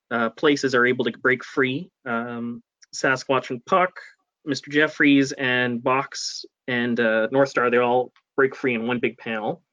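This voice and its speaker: A man's voice: mid-range voice, bright, forceful tone, no room sound, muffled recording. A man guest on a casual comic-book podcast, talking hesitantly with many fillers and hedges.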